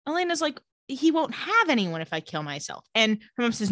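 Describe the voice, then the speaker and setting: A woman co-hosting a casual chat, retelling scenes with quick voiced quotes and laughs. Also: fairly high pitch, sing-song, fairly bright tone, dry recording, studio quality. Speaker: podcast co-host recapping a TV episode.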